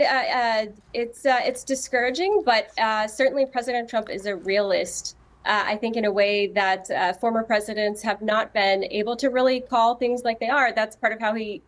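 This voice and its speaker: A woman political commentator on a news panel speaks in a halting way, full of fillers and restarts. Her voice sits fairly high.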